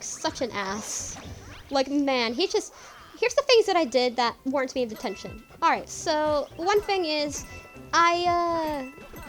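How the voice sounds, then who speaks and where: A young woman chatting casually while streaming a game, rambling, repeating herself and swearing often. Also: high voice. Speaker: gaming streamer. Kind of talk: casual let's-play chat.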